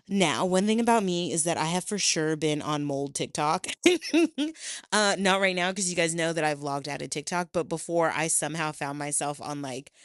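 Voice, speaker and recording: A young adult woman hosting a podcast, telling a personal story in a casual, animated way, swearing freely and acting out what people said. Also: on the low side, no room sound, clean studio sound. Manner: animated, swears freely, acts out quoted voices. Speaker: podcast host.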